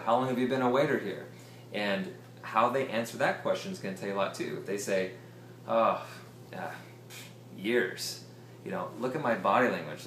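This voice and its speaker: A man's voice: lowish voice, roomy sound, slight background noise. A man giving a casual sales training talk, acting out example conversations with strangers. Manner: conversational, acts out example dialogue. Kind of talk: seminar talk on prospecting.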